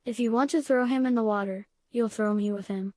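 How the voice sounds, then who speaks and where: A woman reading as a calm, reasoning miner. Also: a little high, brisk, no room sound, lightly acted. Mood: steady. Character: calm, reasoning older male miner, the professor.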